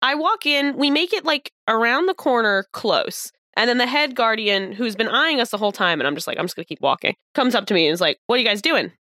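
Animated bright-voiced woman telling stories. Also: fairly high pitch, fast, few pauses, dry recording, studio quality. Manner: animated storyteller, swears, acts out dialogue. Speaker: podcast co-host. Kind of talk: casual chat.

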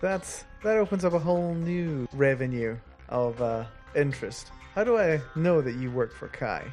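A man's voice: a little high, lively intonation, moderate pace, a little mellow, faint music behind, natural voice. A man voicing a guarded, businesslike woman gang boss in a tabletop game, keeping close to his own voice. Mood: wary.

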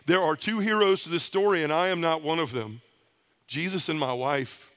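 His pitch is fairly high and his tone fairly bright, and he talks at normal speed. A middle-aged man at a conference, he gives a heartfelt testimony from the stage of the hall, frequently narrating in the present tense.

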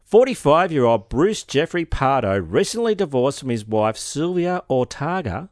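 A man's voice: mid-range voice, sing-song, normal speed, dry recording, clean studio sound. A man co-hosting a podcast, reading out a case, stumbling over names and cracking crude jokes. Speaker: podcast co-host, story reader. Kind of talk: casual chat and reading a case.

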